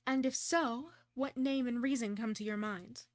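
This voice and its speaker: Young female streamer, high and chatty, dry close mic, self-deprecating game commentary. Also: normal speed, no echo. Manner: chatty, self-deprecating, talks through her choices. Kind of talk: casual gameplay commentary, reading game dialogue aloud.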